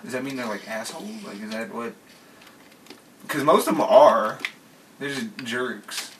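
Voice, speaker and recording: Man, casual podcast chat, teasing, giggly, slow-talking, noisy distant recording. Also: medium pitch, fairly bright tone. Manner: giggly, teasing, often laughing. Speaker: podcast co-host. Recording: distant mic with clear noise.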